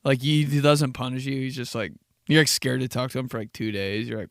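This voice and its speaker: A man's voice: medium pitch, steady tone, a little fast, a bit bright, clean tone, dry recording, studio quality. A man hosting a casual solo podcast, telling stories in a laid-back, profane way with frequent laughs. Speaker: podcast host.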